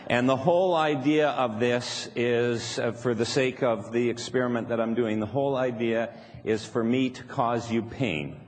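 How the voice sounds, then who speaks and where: A man's voice: mid-range voice, moderate pace. A man leading a live workshop in front of an audience, playful, often laughing and acting out the voices he quotes. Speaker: seminar speaker. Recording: reverberant hall, faint background noise.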